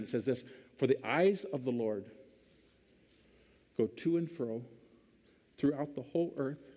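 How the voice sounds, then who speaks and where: A man's voice: mid-range voice, warm tone. Folksy man preaching in an echoing hall. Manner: folksy and humorous, retells scripture in modern slang. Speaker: preacher, former congressman. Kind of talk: folksy sermon storytelling.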